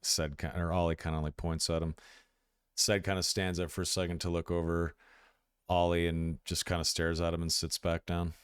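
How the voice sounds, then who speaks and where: A man running a tabletop role-playing game as game master, narrating scenes and voicing characters in a relaxed, hesitant way. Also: low voice, moderate pace, clean tone, no echo, clean studio sound. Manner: relaxed, hesitant storyteller with many fillers.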